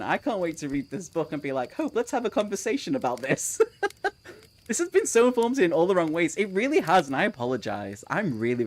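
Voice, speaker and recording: A young adult book streamer hosts a live reading sprint, reading out chat messages and reacting to them. The voice swings widely in pitch, quick to burst into laughter and unbothered about swearing.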